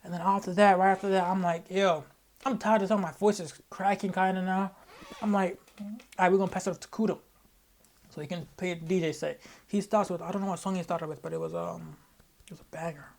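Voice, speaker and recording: A young man from Australia, a musician, telling the story of his album event in a casual, excitable way, jumping between loud hype and quiet mumbled asides. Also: high voice, fast talker. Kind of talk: casual vlog recap.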